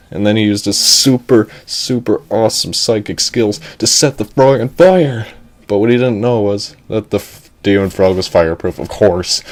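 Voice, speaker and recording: Man, rambling storyteller, excitable, chuckling, lowish voice. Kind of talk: improvised storytelling.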